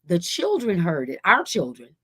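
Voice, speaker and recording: A woman's voice: moderate pace, breathy edge. A woman guest on a radio talk show, telling a story casually with many restarts and acting out other people's voices. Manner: animated, acts out quoted voices with big pitch jumps; rambling with frequent restarts.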